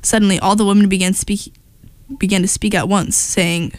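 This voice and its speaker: A woman reading a short story aloud in a plain, steady way, with a few slips and restarts. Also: mid-range voice, moderate pace, no echo. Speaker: story reader.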